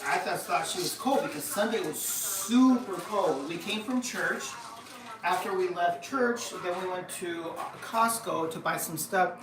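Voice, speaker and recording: A middle-aged woman hosts a live stream from home, chatting in a rambling way with frequent fillers and restarts. Her voice is on the low side and a little slow. The room sounds echoey, and the mic picks her up from a slight distance.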